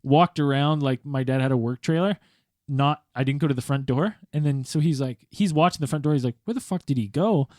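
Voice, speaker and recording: Animated man telling a drunk story. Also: a little high, fairly quick, no room sound, studio quality. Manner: animated, acts out quoted voices, laughs often. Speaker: podcast host. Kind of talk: casual storytelling chat.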